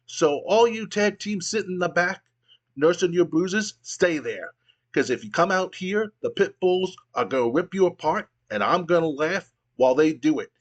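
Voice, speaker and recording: A man's voice: high-pitched, animated, normal speed, pitched above the performer's own voice. A man doing a gloating female wrestling manager.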